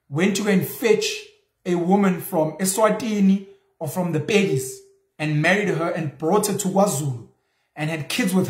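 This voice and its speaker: A young South African man hosting his own show, giving a casual, animated monologue and acting out imagined back-and-forth dialogue. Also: sits high, reverberant. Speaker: show host. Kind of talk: casual monologue on culture and religion.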